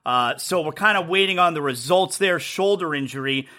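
A man hosting a solo sports talk show, rambling fast and opinionated about games and news. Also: on the high side, pushed and bright.

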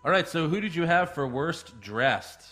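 Male co-host, casual recap chat, blunt delivery, crisp bright voice. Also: on the high side, expressive, soft background music. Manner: blunt, profane, recaps with quick jokes. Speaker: podcast co-host.

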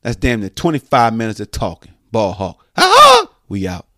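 A man hosting a sports podcast, talking in an animated, slangy monologue with loud and soft swings, faint music behind him. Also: fairly low pitch, fairly quick. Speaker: podcast host.

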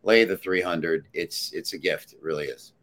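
A deep-voiced man works as a betting handicapper on a sports talk panel. He states his picks firmly and emphatically, with no doubt in his delivery. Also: moderate pace, a bit bright. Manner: assured, emphatic pick-maker.

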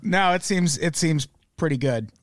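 A man's voice: fairly high pitch, expressive, moderate pace, dry recording, clean studio sound. A man hosting a casual comedy music podcast, joking and laughing often. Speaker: podcast host.

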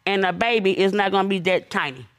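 A middle-aged woman in a TV courtroom dispute, blunt and sharp-tongued, tossing in mocking asides. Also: mid-range voice, quick pace. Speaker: litigant, grandmother in dispute.

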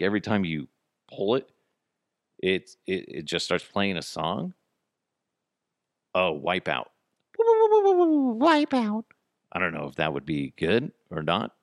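A man's voice: sits low, fairly bright tone, no echo, clean studio sound. A man hosting a podcast, in a casual comic monologue full of swearing and jokey asides. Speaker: podcast host.

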